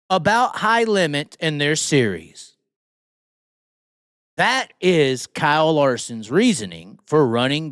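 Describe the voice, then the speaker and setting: A man hosting a live stream, talking racing in a profane, animated, laughing casual chat. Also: on the high side, dry recording, studio quality. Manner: animated, swears constantly, laughs often. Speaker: podcast host.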